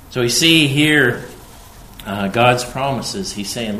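In a medium-pitched voice, a man delivers an expository sermon slowly and deliberately, his volume surging on quoted scripture. The emphatic preaching was captured in an echoey room with a little hiss or hum.

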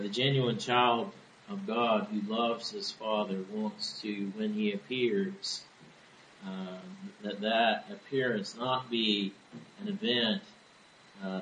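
A man preaching a sermon in an earnest, measured way. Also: lowish voice, fairly even intonation, a bit bright, roomy sound, a little hiss or hum, rough recording. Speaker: pastor.

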